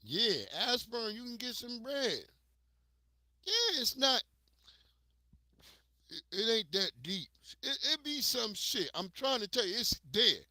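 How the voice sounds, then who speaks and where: Man from the united states, livestream host, profane animated storytelling, forceful bright voice, dry close sound. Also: extremely high pitch, slow pace, long pauses, no echo.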